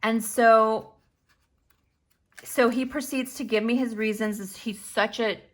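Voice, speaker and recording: A woman's voice: a little high, takes it slowly. A woman hosting a planning channel, telling a chatty story and acting out the dialogue. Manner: animated storyteller who acts out quoted dialogue.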